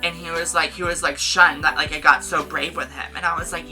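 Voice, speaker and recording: A young woman telling a casual storytime on her vlog, animated, swearing and saying "like" a lot. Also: sits low, quick pace, few pauses, faint music behind, rough recording. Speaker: vlogger.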